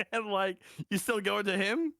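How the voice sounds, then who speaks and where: A man's voice: high voice, unhurried, creaky, bright, forceful tone, no room sound, clean studio sound. Tired, giggly young male podcaster. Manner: giggly, teasing, swears casually. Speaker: podcast co-host. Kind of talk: casual chat.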